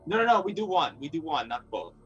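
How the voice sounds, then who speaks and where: A man playing a tabletop game, talking in an excitable, argumentative, jumpy way. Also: fairly high pitch, quick pace, breathy edge, muffled recording, soft background music. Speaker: player. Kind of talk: casual tabletop role-play chat.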